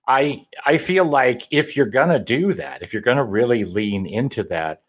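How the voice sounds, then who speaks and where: A man co-hosting a casual comic review chat, measured and analytical. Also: medium pitch, slightly rough. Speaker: podcast co-host.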